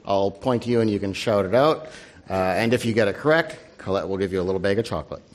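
A man moderating a panel and running a news quiz for an audience, brisk and wry, dropping his voice for asides. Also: on the low side. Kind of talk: live panel event hosting.

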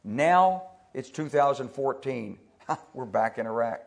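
Slow and gravelly at a mid-range pitch, an older retired army officer from the US speaks conversationally to an audience. Anecdotes fill his talk; he repeats words while restarting and quotes people using lively, exaggerated voices.

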